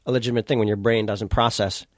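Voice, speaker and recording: A middle-aged man co-hosting a podcast, teasing his friend and jumping in with quick, profane remarks. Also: lowish voice, steady tone, no echo, clean studio sound. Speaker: podcast co-host. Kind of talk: casual chat, interjecting and teasing.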